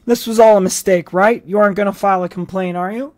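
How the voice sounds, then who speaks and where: A storyteller voicing a worried booking sergeant who talks in an anxious, hurried way. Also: medium pitch, fairly even intonation, darkish tone, dry recording, voice pushed up, lightly acted.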